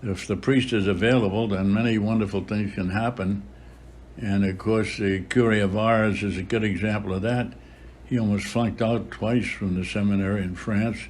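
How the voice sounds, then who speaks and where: A man of about a hundred, a priest recalling his life in an interview, unhurried, with frequent filler pauses. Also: on the low side, fairly even intonation, a little mellow, slight background noise. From Boston area, USA. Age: about 100. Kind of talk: reminiscing in an interview.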